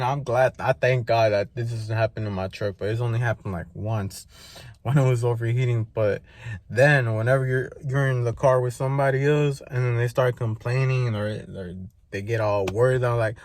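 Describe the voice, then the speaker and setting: A man's voice: mid-range voice, normal speed, no echo. Young man ranting casually outdoors. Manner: animated, slangy rant. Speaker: vlogger. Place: outdoors by his truck.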